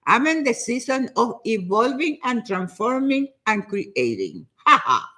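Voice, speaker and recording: An older woman giving a motivational talk in an animated, preachy way, often repeating herself for emphasis. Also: fairly high pitch, a little slow. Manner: acts out other people's nagging voices. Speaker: motivational speaker.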